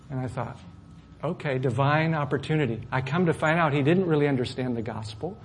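A middle-aged male pastor telling a personal story in a sermon, swinging from loud, animated outbursts to soft asides. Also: on the high side, brisk, slight background noise. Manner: animated storyteller, rising loud when acting out anger, dropping soft for asides.

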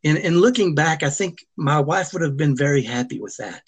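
A man's voice: a little high, animated, slightly rough. A middle-aged man telling a personal family story as an interview guest, earnest and emotional, often restarting his sentences. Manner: earnest, halting, with frequent restarts.

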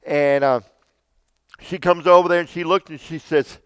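A man's voice: fairly high pitch, steady tone, normal speed, a bit bright, clear, resonant tone, no echo. A man casually telling a long personal story, rambling and repeating himself with frequent restarts.

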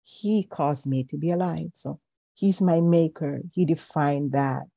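Gravelly warm woman. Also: deep voice, dry recording. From Jamaica. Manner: hesitant, pauses with um, faith-filled. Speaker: podcast guest, counselor. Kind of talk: reflective personal storytelling. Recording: dull, lo-fi recording.

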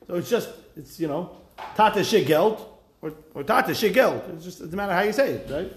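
A man teaches a Talmud lesson, translating each phrase and then retelling it as a lively story full of wry asides. His voice sits a little high. The recording picks up a noticeable echo from the room around him. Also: fairly quick. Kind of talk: Talmud class lecture.

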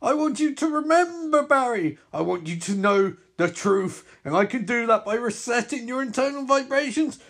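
A man putting on a gloating, high-pitched super-speed villain. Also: lively intonation, normal speed, few pauses, full character voice. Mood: taunting. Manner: taunting, theatrical, louder and higher than his own voice. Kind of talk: comic recap with read-out character voices.

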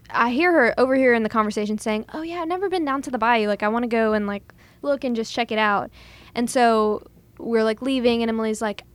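A young woman, chatting casually and acting out what others said as she tells a story. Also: fairly high pitch. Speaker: guest telling a proposal story. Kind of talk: casual chat.

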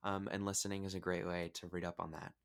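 A man hosting a podcast, gushing warmly over his guest with many fillers and restarts. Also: sits low, little pitch movement, quick pace. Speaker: podcast host. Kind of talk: casual podcast chat.

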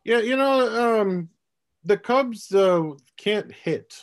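A man hosting a casual sports podcast, talking in a rambling, halting way with lots of fillers. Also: high-pitched, expressive, no room sound, clean studio sound. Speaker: podcast host.

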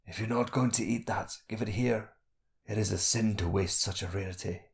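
A man voicing a sickly, starving skinny prisoner who speaks low, faint and breathy. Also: fairly even intonation, normal speed. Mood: weary.

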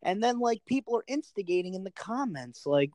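A man's voice: high-pitched, big pitch swings, a little fast, darkish tone, dry recording. A young man co-hosting a podcast in casual, profane banter, ranting and mocking with frequent laughter. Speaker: podcast co-host.

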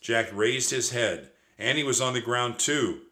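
A man narrating a children's audiobook with a steady, expressive read-aloud delivery. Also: mid-range voice, unhurried.

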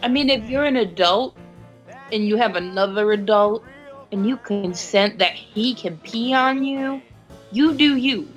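A woman co-hosting a casual chat, playful and jokey, quick to react. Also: on the high side, faint music behind. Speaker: podcast co-host.

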